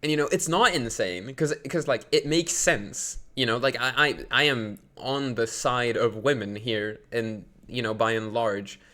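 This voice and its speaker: A man's voice: mid-range voice, measured pace, hardly any pauses. Rambling male streamer. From Sweden. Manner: rambling, indignant, many fillers, bursts louder when outraged. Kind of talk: live stream rant.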